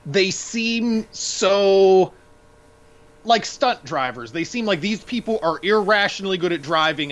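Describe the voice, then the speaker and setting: With a voice that sits high and sounds a bit bright, a man co-hosts a casual film podcast. He thinks aloud, rambling and using fillers while sharing his opinions.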